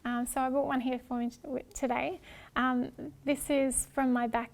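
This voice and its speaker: A woman presenting a workshop talk in a gentle, hesitant way, with many ums and restarts. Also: sits high, level tone, moderate pace. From Australia.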